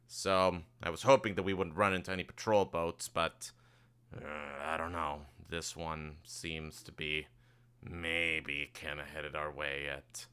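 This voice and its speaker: A man plays a gruff, weary sea captain who curses under his breath in a tabletop game. The voice sits very low but rings bright and forceful. Each word comes out smooth and clear. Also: fairly even intonation, moderate pace, hardly any pauses. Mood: worried. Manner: grumbling, profane, worried.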